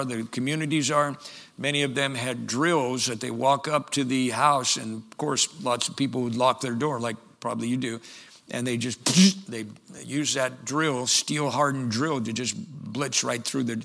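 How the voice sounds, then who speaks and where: An older man, a pastor, preaching a sermon slowly, with many pauses and fillers, reading scripture forcefully. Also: mid-range voice, creaky, big-room sound.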